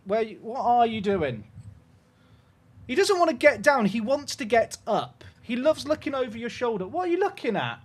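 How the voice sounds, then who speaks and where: Chatty guy with a lively high voice. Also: moderate pace. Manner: rambling, chatty, self-interrupting; coos affectionately at his puppy. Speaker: streamer. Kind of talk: casual live-stream chat.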